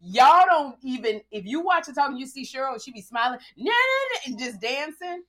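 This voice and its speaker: Animated woman comedian telling stories. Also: high-pitched, moderate pace. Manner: animated storyteller, lively and joking. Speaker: stand-up comedian. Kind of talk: casual podcast chat.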